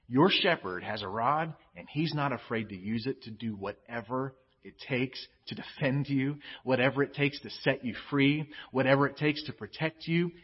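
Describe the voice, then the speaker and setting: A man's voice: mid-range voice, husky. A middle-aged man, preaching a sermon in an earnest storytelling manner. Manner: storytelling, loud acted quotes then quiet earnest close. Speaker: pastor. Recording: dull, lo-fi with music behind.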